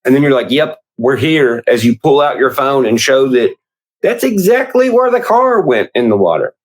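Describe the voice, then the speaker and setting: A man retells events with sarcastic disbelief, mocking what others said. His voice sits in a middle pitch. He is heard as a clip played within a stream. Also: big pitch swings, normal speed. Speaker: commentator recapping a story. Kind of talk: casual storytelling commentary.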